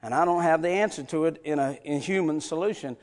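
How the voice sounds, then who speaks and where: A man preaching a sermon in a church, moving from soft, chuckling asides to impassioned shouting. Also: on the high side, brisk. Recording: long reverb in a large hall.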